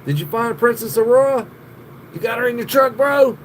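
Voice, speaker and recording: A man's voice: extremely high pitch, normal speed, a little hiss or hum. A man hosting a live stream, chatting casually with viewers, swearing a lot, laughing often and rambling.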